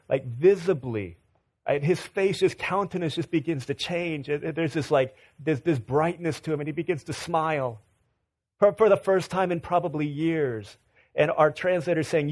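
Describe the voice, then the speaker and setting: A male preacher with a slightly high voice delivers a sermon built around a story. He repeats and restarts phrases, then climbs in pitch and force as he presses his point. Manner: builds from quiet storytelling to rising fervent emphasis, with repeats and restarts. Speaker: pastor.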